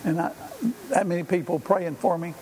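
A man's voice: high-pitched, steady tone, moderate pace, dark tone. An older man preaching a sermon in a folksy, conversational way, with frequent fillers. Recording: hall reverb, faint room noise.

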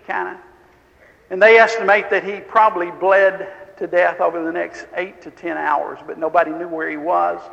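A man preaching a sermon, telling a story quietly and then building to fervent, emphatic appeals. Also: high-pitched, creaky, big-room sound, lo-fi sound.

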